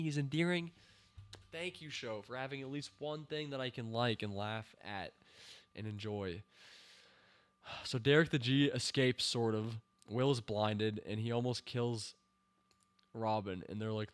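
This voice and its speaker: A man hosting a casual stream, reviewing a TV season scene by scene, rambling with fillers and breaking into excited cheers and laughter. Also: mid-range voice, moderate pace. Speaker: show host reviewing a TV season.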